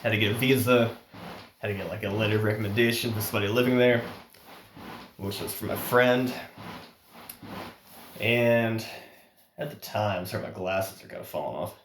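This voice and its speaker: A man's voice: on the low side, moderate pace, long pauses, slight background noise. A man telling a story in a casual, rambling way. He chuckles often and restarts his sentences, and his nose is running. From United States. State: runny nose. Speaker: vlogger. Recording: roomy echo.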